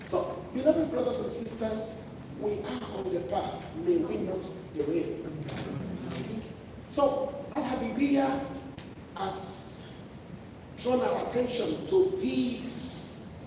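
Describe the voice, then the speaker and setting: A high-voiced man preaches a sermon, pressing his points through repetition and restarts. He sounds far from the mic in a large, echoing hall with long reverb. A clear layer of noise sits under his voice. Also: animated, slow pace, pauses often. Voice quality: emphatic, repetitive phrasing with restarts. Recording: echoey hall from far off, noisy.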